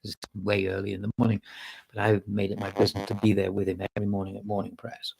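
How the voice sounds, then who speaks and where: A man, a guest musician, telling animated anecdotes in a casual podcast chat. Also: fairly low pitch, fast talker, vocal fry, slightly rough. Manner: animated storyteller, acts out quotes. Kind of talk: anecdotal storytelling.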